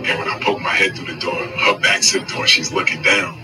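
A man, a professional athlete, telling a story in animated, casual slang. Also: low-pitched, a little fast, recorded from a distance, loud music behind the voice, low-quality recording. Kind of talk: storytelling interview.

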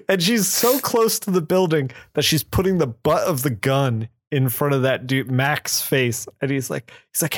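A man co-hosting a comic book podcast, casually retelling a plot and slipping into quick voices for the characters. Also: mid-range voice, dry recording, studio quality. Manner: acts out quotes in quick voices.

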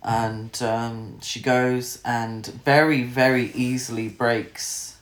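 A man's voice: medium pitch, level tone, takes it slowly. A man, casually chatting about a film as a podcast co-host, laughing often and swearing freely. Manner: sweary, laughs a lot, mimics characters. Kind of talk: casual chat. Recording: echoey room.

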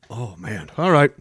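A man's voice: medium pitch, a bit bright, slightly rough, no echo, studio quality. Rambling man on a livestream. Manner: rambling, joking, reads chat aloud. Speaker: livestream host. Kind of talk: casual livestream chat. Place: home studio. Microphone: boom-arm studio mic.

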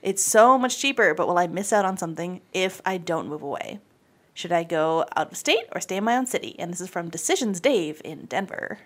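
Lively, playful woman podcast host. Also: on the low side, a little fast. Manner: playful, teasing, laughs often. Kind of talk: casual podcast chat.

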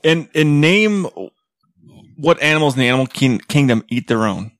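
A man's voice: a little high, expressive, normal speed, a bit bright, no echo. A man joining a casual podcast chat, mostly adding brief, agreeable remarks.

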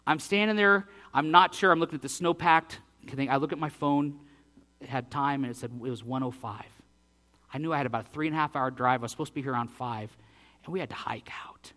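A man in his forties, a pastor telling a personal story in a sermon, animated and self-deprecating. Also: mid-range voice, quick pace. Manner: animated, self-deprecating, acts out his own breathless lines.

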